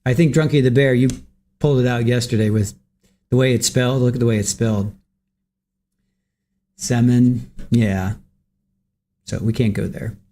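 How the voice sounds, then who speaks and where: A man's voice: mid-range voice, fairly even intonation, normal speed, long pauses, warm tone, a little hiss or hum. A man hosting a livestream, greeting viewers from the chat by name and chatting casually while waiting for court to start. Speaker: livestream host.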